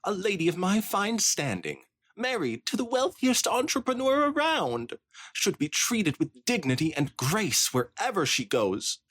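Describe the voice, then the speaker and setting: A pompous, affected society mare pony, performed by a man in a dramatic fanfiction reading. The voice is pushed high and swings all over its range. She sounds haughty and easily indignant. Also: sing-song, a little slow, fairly bright tone, slightly rough, heavily acted. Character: snobbish wealthy middle-aged mare pony, haughty.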